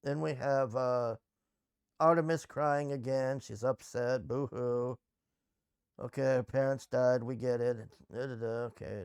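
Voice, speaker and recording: A man's voice: mid-range voice, gravelly, smooth, dry recording, studio quality. A man casually recapping and reviewing a TV episode, blunt and sarcastic, swearing freely.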